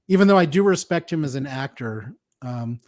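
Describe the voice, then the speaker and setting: A man hosting a casual film review chat, opinionated and quick to laugh. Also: mid-range voice, lively intonation, darkish tone, no room sound, studio quality. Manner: laughs often, opinionated and chatty. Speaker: podcast host.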